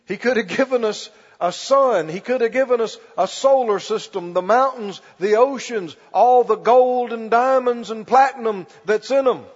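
A man preaching a sermon as pastor, stretching key words slowly and calling for the congregation to respond. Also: very high-pitched. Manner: preaching with call-and-response, slow emphatic stretches. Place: church. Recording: muffled recording in a reverberant church hall.

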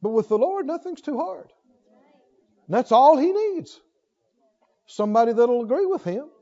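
An older man preaching a sermon, emphatic, asking call-and-response questions and swinging between loud declarations and soft asides. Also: very high-pitched, very animated, moderate pace, muffled recording.

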